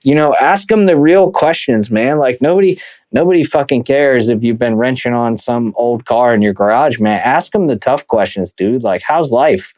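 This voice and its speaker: A man's voice: medium pitch, normal speed, a little mellow, dry recording. A man co-hosting a podcast in casual chat, earnest and laid-back, dropping "man" and "dude" often. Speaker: podcast co-host.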